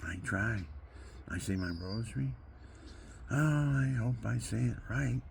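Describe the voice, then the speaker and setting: An older man delivering a rambling, preachy monologue. He swings between hushed murmurs and loud outbursts. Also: medium pitch, lively intonation, measured pace, vocal fry, slight background noise. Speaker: amateur guitarist and video maker.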